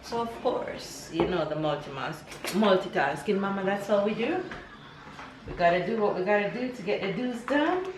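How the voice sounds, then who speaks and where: A woman's voice: mid-range voice, normal speed. A woman vlogging casually at home, a mother telling stories with lots of laughter. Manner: laughing, playful, animated storytelling. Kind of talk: casual vlog chat. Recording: echoey room with background noise.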